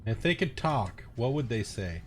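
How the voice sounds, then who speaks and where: Rambling, profane gaming host. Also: male voice, mid-range voice, big pitch swings, normal speed, faint music behind. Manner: rambling, profane, laughs often. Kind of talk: casual gameplay commentary.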